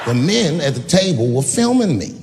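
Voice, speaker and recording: Lively male comedian on a reverberant stage. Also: on the high side, normal speed, noisy background. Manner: lively, punchy delivery with acted-out voices. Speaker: stand-up comedian. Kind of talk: stand-up comedy set.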